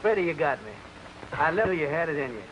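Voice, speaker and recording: Brisk high-voiced radio host. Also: male voice, lively intonation, fairly bright tone, lo-fi sound. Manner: brisk, laughing straight man. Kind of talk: scripted 1940s radio comedy banter. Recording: old radio broadcast with background noise.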